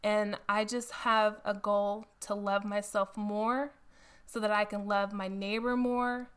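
Smooth-voiced woman leading a Bible study. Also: medium pitch, little pitch movement, slow, a bit bright. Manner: casual and chatty, with laughs and exclamations. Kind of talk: Bible reading and devotional talk.

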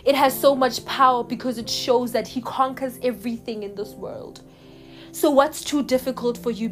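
A woman speaking in a fairly high voice, earnestly encouraging her listeners in a devotional podcast talk. She moves through her message in short, unhurried phrases with pauses, while soft music plays faintly behind her.

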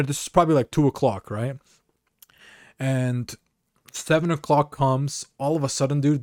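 A podcast co-host from Mexico tells stories casually, his voice a bit high and slightly mellow. He rambles comically, sprinkling in "dude" and "you know," in a dead-dry room with no echo.

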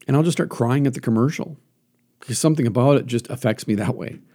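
A man hosting a solo talk, coaching the listener earnestly and putting questions to himself out loud. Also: medium pitch, quick pace. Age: adult, teaches classes. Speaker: podcast host.

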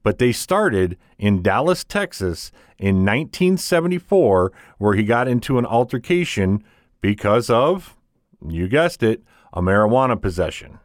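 A male co-host introduces songs in a chatty way, his low voice rising and falling a lot. The sound is close and dry, with no room echo. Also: very animated, measured pace. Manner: chatty, gives listeners hints. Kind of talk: radio-style music show hosting.

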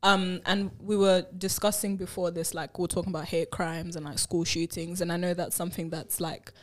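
A woman whose first language is Shona, co-hosting a podcast in casual chat, frank and animated, laughing often. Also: on the low side, a little fast. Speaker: podcast co-host.

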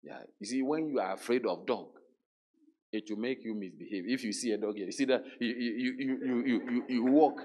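A man preaching a sermon, emphatic, repeating words and dropping into hushed quotes. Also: mid-range voice, fairly quick.

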